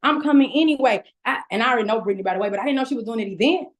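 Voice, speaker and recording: A woman with a fairly high voice gives a guest talk over a video call. She speaks in a chatty, upbeat, conversational way. Her voice comes through a home computer. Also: racing.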